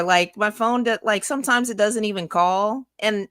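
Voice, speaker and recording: A woman co-hosting a podcast, chatting quickly and casually and laughing easily. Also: mid-range voice, a bit bright, no room sound, clean studio sound. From Kansas, USA. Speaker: podcast co-host. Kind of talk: casual chat.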